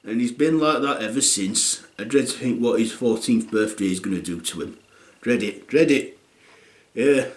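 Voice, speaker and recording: A man's voice: medium pitch, normal speed, roomy sound, close to an everyday voice. A man playing a blunt, crude dad in his thirties, rambling with lots of fillers in a comic monologue. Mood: gossiping. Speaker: comedy character.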